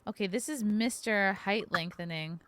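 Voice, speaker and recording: A woman's voice: mid-range voice, normal speed, fairly bright tone, dry recording. Woman podcast host reading stuff off the screen, crude jokes, dead dry sound. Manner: reads facts aloud with crude jokes. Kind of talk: casual chat.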